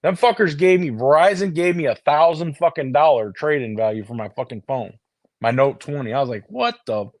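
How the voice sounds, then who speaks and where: A man's voice: on the high side, fairly quick, no room sound, clean studio sound. A man from the US chatting casually to his viewers on a phone, swearing constantly and restarting his sentences. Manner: heavy swearing, restarts and repeated words. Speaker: streamer talking to viewers. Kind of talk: casual rambling chat.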